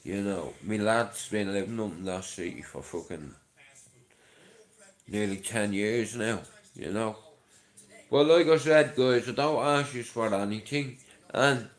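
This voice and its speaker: A middle-aged man with a Dublin accent, chatting casually to his livestream viewers, rambling and swearing freely, with a chesty voice from a chest infection. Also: medium pitch. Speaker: livestream host.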